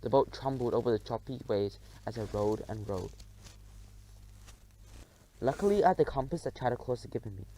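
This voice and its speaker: A man narrating a children's adventure audiobook in the first person, telling it in an expressive, dramatic way. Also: medium pitch, normal speed, long pauses, slight background noise, low-quality recording.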